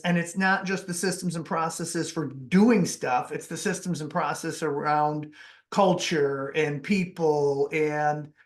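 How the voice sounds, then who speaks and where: A male podcast host rambles through his points and restarts his sentences often. His voice sits a little high for a man. The room adds a clear echo. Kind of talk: conversational podcast talk. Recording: echoey room.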